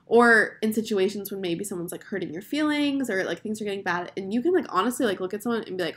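A woman's voice: mid-range voice, quick pace, few pauses. A young woman in her twenties hosting an advice show, talking casually and earnestly, with lots of fillers. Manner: chatty, filler-heavy, earnest. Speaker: advice podcast host.

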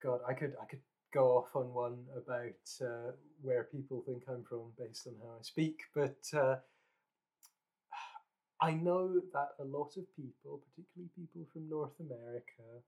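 A Scottish man co-hosting a podcast, talking casually in a rambling, animated way with frequent restarts. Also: medium pitch, normal speed. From Scotland. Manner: rambling, animated, self-correcting. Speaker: podcast co-host.

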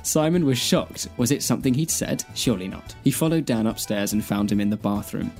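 A man's voice: medium pitch, a little fast, soft background music. A man, a podcast co-host, reading a fan fiction aloud. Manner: deadpan reading, breaking into laughter.

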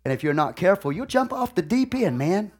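A male pastor, preaching live to a congregation in a folksy, conversational way that often checks in with the room. He tells stories animatedly, swinging between loud outbursts and quieter asides. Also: high-pitched, fairly quick, breathy edge. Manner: animated storytelling with big swings in loudness and sudden outbursts.

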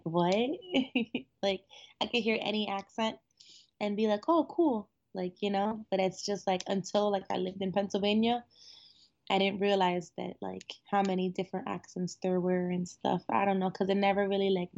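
Woman, casual podcast chat, fast talker, swears freely, mid-pitched, dull lo-fi recording. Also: level tone, vocal fry, darkish tone. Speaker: podcast co-host.

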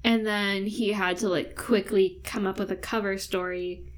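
A woman's voice: mid-range voice, steady tone. Chatty woman full of "like"s. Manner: chatty, lots of "like", quick asides. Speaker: podcast co-host. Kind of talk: casual chat.

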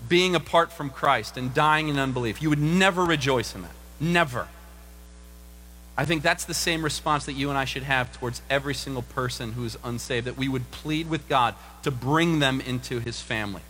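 A middle-aged man preaching a sermon as pastor, animated and acting out voices in the stories he tells. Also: slight background noise. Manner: animated, acts out quoted voices with big pitch jumps. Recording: long reverb of a large room.

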